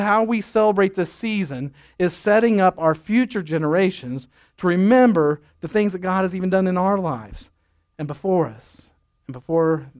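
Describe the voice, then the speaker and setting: A middle-aged male pastor giving a sermon in a folksy, storytelling way, chuckling at his own jokes. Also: high voice.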